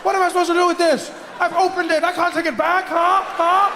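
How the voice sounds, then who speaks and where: A whiny grown boyfriend, pitched up high and shouting his complaints, as a man puts him on. The sound is live from a big hall with a long reverb tail. A crowd is faintly audible behind him. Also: lively intonation, fast, a little hiss or hum. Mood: whining.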